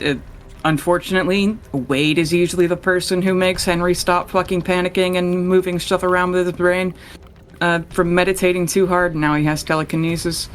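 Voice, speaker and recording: A young man running a tabletop game as game master, narrating casually and swearing freely. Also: high-pitched. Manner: casual, swears freely, voices characters in passing.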